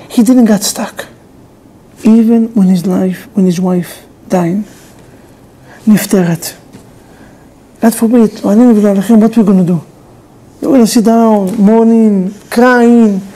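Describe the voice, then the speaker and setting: A man's voice: high-pitched, slow, long pauses, warm tone, poor audio. A male rabbi giving a sermon in non-native English, animatedly telling a story and acting out its dialogue.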